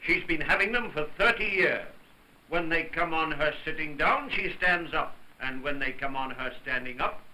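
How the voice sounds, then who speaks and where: An actor playing a wry, teasing older gentleman who chides the young people with a fond air in a 1930s film. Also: a little high, moderate pace, a little hiss or hum, rough recording. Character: older man, wry fatherly uncle figure. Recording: 1930s film soundtrack with music.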